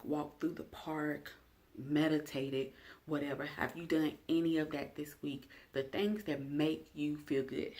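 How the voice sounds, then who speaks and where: A woman's voice: deep voice, creaky, a little mellow. A young adult woman vlogger talking straight to camera in a casual self-care check-in, chatty and direct, asking her viewers questions.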